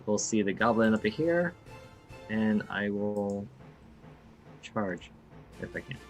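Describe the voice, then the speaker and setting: A man's voice: on the low side, lively intonation, slow, soft background music. A man playing a tabletop game, chatting casually and joking about his character's moves. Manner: joking, laid-back. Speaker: player.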